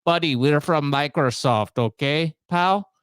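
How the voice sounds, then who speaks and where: A pushy phone scammer with an Indian accent, chummy and overly familiar, as a man puts him on. The voice is clean and smooth, recorded dry and close. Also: fairly high pitch, unhurried, fairly bright tone, no echo. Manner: overly chummy, calls you buddy and pal. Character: pushy male phone scammer with a fake-friendly manner.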